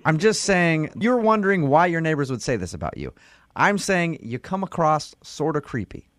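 A man who is a radio host making a prank phone call in a blunt, needling, deadpan way, recorded in a studio. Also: on the high side, moderate pace, no echo.

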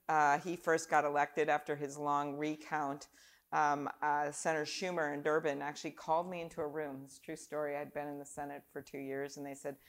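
A woman, a senator, giving a chatty, self-deprecating speech full of humorous anecdotes to a live audience in a lecture room. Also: deep voice. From Minnesota. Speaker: senator speaking at a festival.

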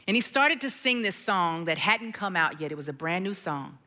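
A middle-aged woman sharing a personal testimony in a sermon, telling her story and dropping to a hushed, near-sung tone at times. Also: on the low side, lively intonation, normal speed. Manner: storytelling, drops to a hushed tone, sings lyric lines softly. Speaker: speaker at a church gathering.

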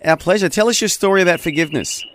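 A man's voice: high-pitched, racing, a bit bright, no room sound. A man hosts a Christian talkback radio program. He speaks in an earnest, encouraging, conversational way, and his voice sits close and dry with no room around it.

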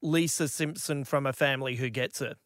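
A man's voice: medium pitch, fairly even intonation, fairly quick, a bit bright, dry recording, clean studio sound. A man co-hosting a radio chat, dropping joking side remarks. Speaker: radio co-host.

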